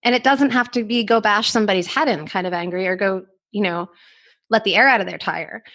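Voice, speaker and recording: A woman's voice: medium pitch, fairly quick, fairly bright tone. A woman hosting an interview podcast, a therapist who asks reflective questions and often affirms with short replies.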